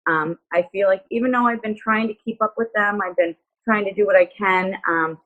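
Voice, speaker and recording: A woman joining a group video call, sharing from the heart in a halting way with many fillers. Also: mid-range voice, a bit bright. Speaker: call participant, business owner. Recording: phone-like narrow sound.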